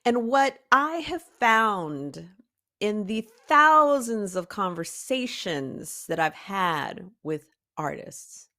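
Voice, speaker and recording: A woman hosting a motivational talk for artists, preachy and emphatic, with sudden high rises on key words. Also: sing-song, slow, sharp tone. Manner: emphatic and preachy, calls listeners "baby cakes". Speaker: art coach and podcast host.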